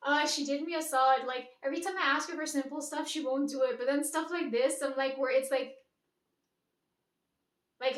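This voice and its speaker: A young woman vlogging at home in a rambling, chatty way, with casual swearing and lots of "like". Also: sits high. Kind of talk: casual daily vlog chat. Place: room at home. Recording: echoey room, mic at a distance.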